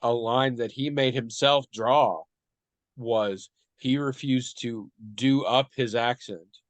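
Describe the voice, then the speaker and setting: A man co-hosting a podcast, talking through a question in a thoughtful, measured way. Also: medium pitch, fairly even intonation, no echo. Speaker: podcast co-host. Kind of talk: casual discussion.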